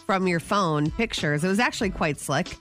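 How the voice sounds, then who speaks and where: A woman's voice: on the low side, fairly bright tone, soft background music. Chatty woman radio co-host. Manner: chatty, rambling, quick asides. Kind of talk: casual morning radio chat.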